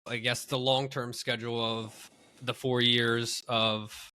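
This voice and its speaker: A man's voice: medium pitch, little pitch movement, takes it slowly, pushed and bright. A man hosting a podcast, asking casual questions in loose, searching phrasing full of fillers. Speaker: podcast host.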